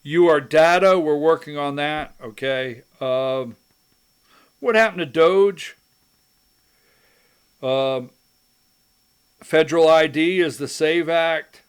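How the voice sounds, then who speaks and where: A man's voice: a little high, slow pace, long pauses, smooth. A man hosting a political talk show, rambling in a folksy way and repeating his phrases as he goes. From rural Georgia. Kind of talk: casual commentary monologue.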